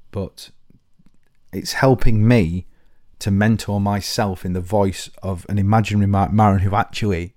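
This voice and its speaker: A man's voice: on the low side, darkish tone, dry recording, clean studio sound. A man hosting a podcast, talking to listeners in a rambling, self-deprecating comic monologue full of restarts. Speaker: podcast host.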